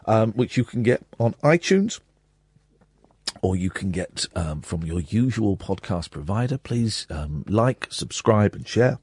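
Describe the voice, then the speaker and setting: A man's voice: fairly low pitch, sing-song, unhurried, darkish tone, husky, no echo. A man hosting a late-night radio talk show, rambling through announcements with plenty of fillers. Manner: rambling, full of fillers and restarts. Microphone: studio mic.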